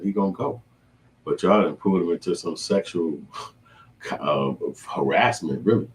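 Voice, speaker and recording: A man's voice: low voice, normal speed, a little hiss or hum. A man hosting a reaction commentary, talking in an indignant, lecturing way. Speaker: commentary host.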